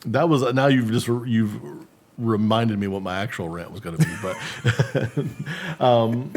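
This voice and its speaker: A man's voice: mid-range voice, measured pace. A man co-hosting a casual panel chat, reading out viewer comments in a playful, laughing way.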